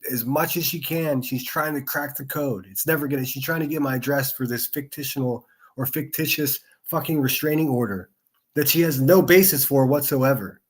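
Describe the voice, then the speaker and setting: A man's voice: mid-range voice, normal speed. A man doing angry reaction commentary as a streamer, crude and mocking, swearing constantly.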